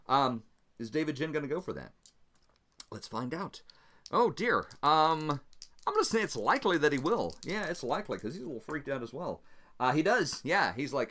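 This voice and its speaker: Man, solo tabletop game host, casual narration, chatty, laughs easily, animated pitch. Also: normal speed.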